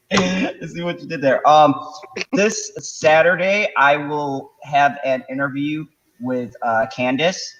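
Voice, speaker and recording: A man's voice: on the high side, very slow, fairly bright tone, a little hiss or hum. Guy hosting a fan chat stream, jokey, laughs a lot, kinda muffled lo-fi sound. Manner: laughs often, loose and joking. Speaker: host. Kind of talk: casual chat.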